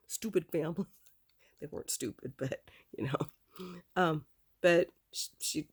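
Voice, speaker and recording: Middle-aged woman with a creaky, gravelly voice recounting a personal family memory in loose, rambling speech. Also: lowish voice, expressive, moderate pace. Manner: rambling, repeats "I said" as she recounts dialogue. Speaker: adopted daughter telling her family history. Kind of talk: casual spoken family story.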